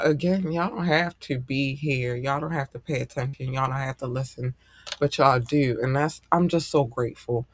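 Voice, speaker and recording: Bright, excitable male podcast host. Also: mid-range voice, dry recording. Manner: excitable, slangy, heartfelt. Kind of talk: casual podcast chat.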